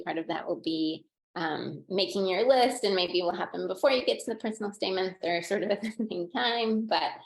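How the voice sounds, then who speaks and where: Gravelly woman in an echoey room. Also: mid-range voice. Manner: chatty, with many "um" and "like" fillers. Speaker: former college interviewer panelist. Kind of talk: webinar advice talk.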